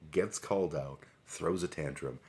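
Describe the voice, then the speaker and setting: A man's voice: very deep voice, normal speed, darkish tone. A man hosting a livestream, reading scripture aloud and adding sarcastic, irreverent, rambling commentary. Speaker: livestream host.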